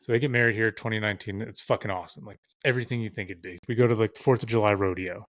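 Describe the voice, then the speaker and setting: A man's voice: on the low side, steady tone, very fast, no room sound. A man guesting on a podcast, telling stories in a loose, profane way with lots of fillers. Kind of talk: casual storytelling chat.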